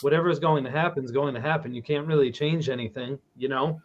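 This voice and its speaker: A man's voice: mid-range voice, fast, muffled recording. A man telling a personal story in a casual online talk show and acting out the quotes as he goes. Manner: animated storyteller, acts out quotes.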